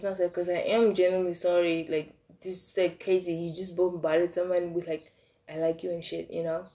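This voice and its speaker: A young woman telling a casual storytime about her crushes, animated, swinging between loud outbursts and soft asides. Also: fairly low pitch. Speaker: vlogger.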